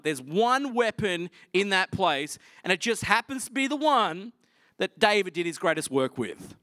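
High, bright-voiced preacher telling a story. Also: male voice, a little slow, no room sound, studio quality. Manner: animated, casual storytelling. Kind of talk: sermon.

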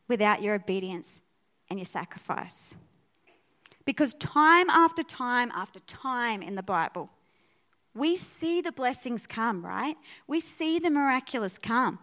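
A woman pastor preaching a sermon to her church, energetic and conversational, often checking in with her listeners. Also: fairly high pitch. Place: church auditorium.

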